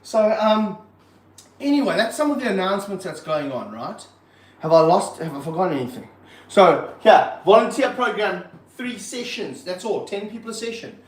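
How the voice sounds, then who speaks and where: A man running a casual livestream from his reptile room, excitable and jokey, full of slang. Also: high-pitched, normal speed, roomy sound, poor audio. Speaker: reptile park owner and streamer.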